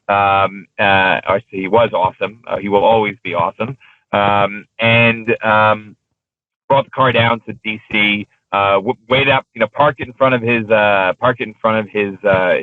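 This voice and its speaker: A man's voice: lowish voice, no room sound. Man telling stories over a tinny phone line. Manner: rambling, heavy on fillers and restarts. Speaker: interview guest, exotic car rental business owner. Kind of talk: casual anecdotal storytelling.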